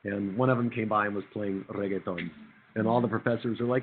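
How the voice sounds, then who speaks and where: A hoarse man lectures a university class with a husky, lowish voice, joking and questioning students as he goes. The sound is thin and tinny like a phone line, with a faint hiss underneath. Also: brisk. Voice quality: husky radio voice. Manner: conversational, jokey, quizzes the class. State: hoarse from a chest cold.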